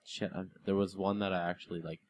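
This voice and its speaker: A man's voice: low voice, little pitch movement, quick pace. A man co-hosting a casual gaming podcast, telling loose stories and laughing often. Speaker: podcast co-host.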